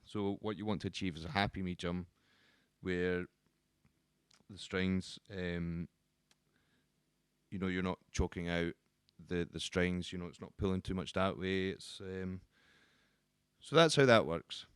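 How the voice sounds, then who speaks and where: Walking through each part of a guitar, a man teaches in an easygoing way, pausing on ums and starting phrases over. His voice sits lowish and is smooth and clear, recorded up close and dry without any echo or room.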